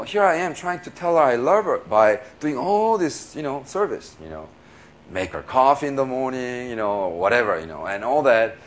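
A middle-aged man preaching in a chatty, animated way, laughing often and filling pauses with fillers. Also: mid-range voice, a little hiss or hum. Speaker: pastor. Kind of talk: sermon.

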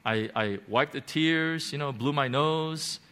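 A man telling a personal faith testimony in an earnest, emotional way, dropping soft and low and then rising loud and high. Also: takes it slowly. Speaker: speaker sharing a faith testimony.

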